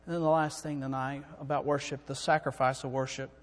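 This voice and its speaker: A man preaching a sermon, swinging from quiet talk up to fervent, shouting peaks. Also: mid-range voice, little pitch movement, a little fast. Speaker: preacher and song director. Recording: long hall reverb.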